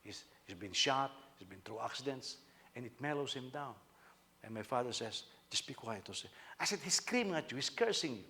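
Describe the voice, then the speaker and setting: A male senior pastor preaching a sermon, telling stories with sudden loud bursts of emphasis. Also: medium pitch, expressive, fairly quick, a little hiss or hum.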